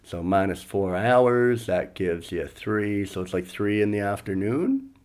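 A man's voice: fairly low pitch, expressive, a little slow, a little mellow, clear, resonant tone. A comedian and podcast host telling stories in a loose, rambling way, chuckling at his own punchlines. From Canada. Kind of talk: casual storytelling monologue.

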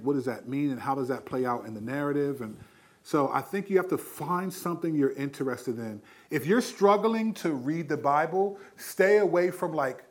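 A man hosting a faith talk show, casually giving Bible advice with easygoing slang and frequent chuckles. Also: on the high side. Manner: laid-back and slangy, chuckles often, many restarts. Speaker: Christian podcast host answering questions.

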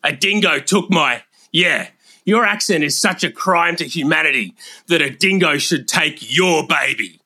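A man's voice: fairly high pitch, expressive, normal speed, sharp tone, no echo, clean studio sound. A man roasting the hosts in a comedy roast, with a brash, crude, mocking delivery.

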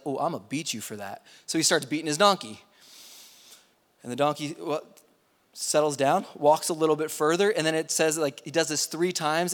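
A man preaching a sermon, retelling a Bible story in a casual, animated way with slangy asides. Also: fairly high pitch, long reverb tail.

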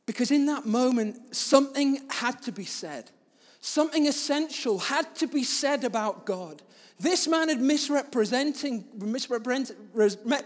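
A man preaching as a pastor, telling a story in a sermon with big swings between loud and soft. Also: very high-pitched, big-room sound.

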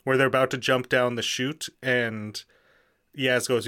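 Bright-voiced man in casual banter. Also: mid-range voice, little pitch movement, moderate pace. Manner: joking, rambling. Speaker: podcast co-host. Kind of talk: casual chat.

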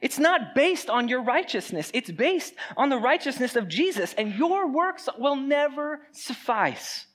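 A pastor preaching a sermon in a conversational, animated way, with joking asides to the congregation. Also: medium pitch, a little slow, few pauses.

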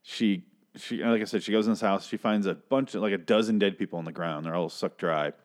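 A man with a deep voice talks fairly quickly as he casually recaps a TV episode. He swears often and sounds exasperated while rambling through the plot.

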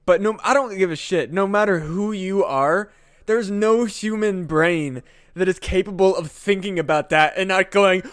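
Excitable, swearing man on a dry mic. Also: high-pitched, moderate pace, clear, resonant tone, no echo. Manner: profane, excitable rants. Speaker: podcast co-host. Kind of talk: casual chat.

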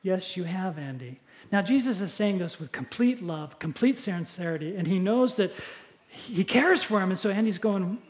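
Male pastor, lively sermon storyteller, swings between loud and soft. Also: high voice, moderate pace. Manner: animated, dramatic shifts in loudness.

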